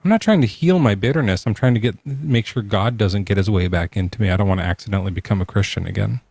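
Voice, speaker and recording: A man's voice: on the low side, fast, gravelly, darkish tone, slightly rough. A man calling in to a late-night debate, questioning a believer in a sarcastic, teasing way. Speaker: atheist caller. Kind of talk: mocking debate call.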